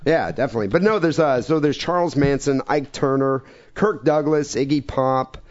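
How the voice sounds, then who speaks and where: A man's voice: mid-range voice, moderate pace, lo-fi sound, slight background noise. A man co-hosting a podcast, joking around and reading stories aloud with crude asides. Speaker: podcast co-host. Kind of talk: casual crude podcast banter.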